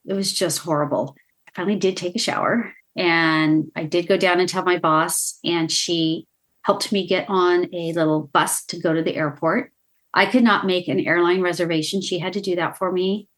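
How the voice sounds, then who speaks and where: A woman in her sixties telling a painful personal story as a podcast guest, tearful and halting, with restarts and stutters. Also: fairly low pitch, fairly even intonation. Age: 60s.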